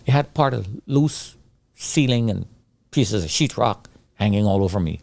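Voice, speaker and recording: A middle-aged man giving an intense personal testimony of surviving a disaster, acting out his own pleas and the shouts he heard. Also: on the low side, expressive, normal speed, creaky, no room sound. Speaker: survivor telling his story.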